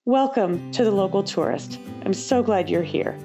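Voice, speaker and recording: A woman's voice: on the low side, normal speed, hardly any pauses, music in the background. Upbeat woman hosting a travel podcast. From United States. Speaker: podcast host. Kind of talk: scripted travel podcast narration.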